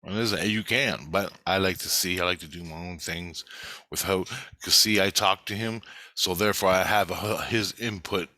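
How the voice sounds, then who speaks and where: Man, low voice, sharp tone, profane, rambling, casual storytelling. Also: moderate pace, dry recording. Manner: profane, restless, digressive. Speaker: vlogger recounting spiritual experiences.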